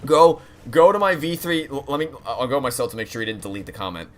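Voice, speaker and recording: A man's voice: medium pitch, lively intonation, fast talker. A young man streaming a game, rambling candidly with frequent restarts and profanity. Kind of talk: live-stream chat while gaming.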